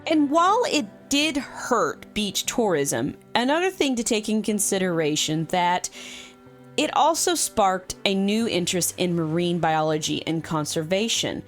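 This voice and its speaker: Animated woman hosting a movie review. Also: mid-range voice, measured pace, soft background music. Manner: animated, chatty, with fillers.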